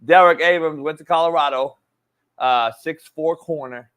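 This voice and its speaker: A man's voice: fairly high pitch, moderate pace, fairly bright tone, smooth. A man hosting a casual sports talk show, a football coach who talks bluntly and swears a lot. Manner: blunt, profane, emphatic.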